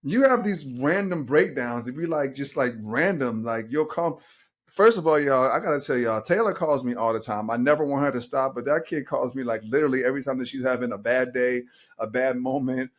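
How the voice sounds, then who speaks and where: A middle-aged man hosting a casual podcast as a life coach, talking in an animated, slangy way and addressing listeners as y'all. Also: mid-range voice, fairly quick.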